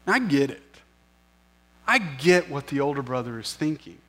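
A man's voice: mid-range voice, sing-song, moderate pace, a bit bright. A man preaching a sermon as pastor, conversational and self-deprecating, often asking the listeners questions.

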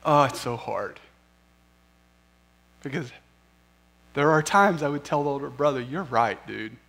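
A male pastor delivering a sermon in a conversational, self-deprecating way. He often turns to the congregation with rhetorical questions. His speaking voice sits noticeably high for a man. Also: unhurried, gravelly, a bit bright.

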